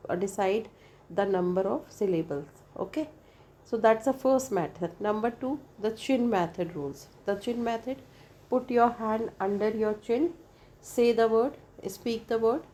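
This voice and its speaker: A woman teaches an English lesson at an unhurried pace. She repeats each point and spells out the vowels one by one. She checks in with the listener between steps. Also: fairly high pitch, darkish tone. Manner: frequent "right?" checks with the listener. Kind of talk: explanatory lesson.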